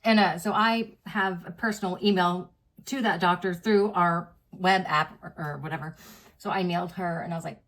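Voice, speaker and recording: A woman's voice: lowish voice, steady tone, normal speed, a bit bright. A woman in her thirties, a vlogger, telling a personal story in a candid, chatty way full of fillers and reenacted dialogue.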